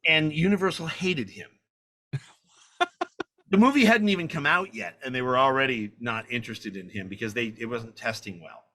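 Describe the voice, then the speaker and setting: A man in his sixties, a film director as a guest, telling lively anecdotes, acting out quotes and swearing casually. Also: mid-range voice, normal speed. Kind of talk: animated anecdote storytelling.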